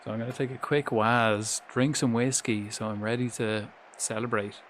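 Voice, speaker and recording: A man's voice: mid-range voice, steady tone, moderate pace, fairly bright tone, slight background noise. A young Irish man chatting casually on his live stream, swearing freely and coaching viewers through pronunciations. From Ireland.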